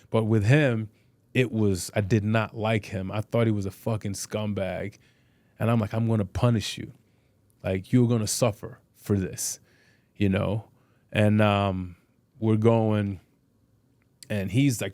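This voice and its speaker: In a casual podcast interview, a middle-aged boxer and fitness trainer shares blunt, profane boxing stories, restarting often and saying "you know" a lot. His voice is on the low side and a little mellow, unhurried with little pitch movement, and there's no echo.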